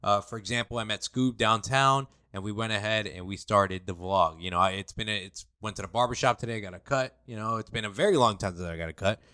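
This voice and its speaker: A man hosts a podcast and chats in a loose, slangy, rambling way. His voice is smooth and on the low side. The recording is dry and close. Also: quick pace, hardly any pauses, sharp tone, no room sound. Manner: laid-back, rambling, slangy. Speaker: podcast host. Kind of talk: casual podcast chat.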